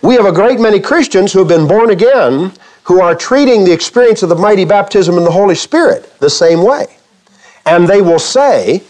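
A male pastor preaching in church, his voice sitting a little high and swinging widely in pitch. He throws questions out to the congregation and slips into playful quoted voices to make his point. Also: lively intonation, normal speed, darkish tone. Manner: acts out quoted speech for humor. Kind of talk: sermon.

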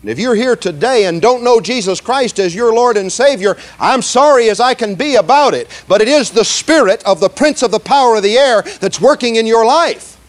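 High-pitched emphatic male preacher. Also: animated. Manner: emphatic, slows down to stress words, leads the congregation in repeating lines; asks "okay?" and "see?" often. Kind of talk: sermon.

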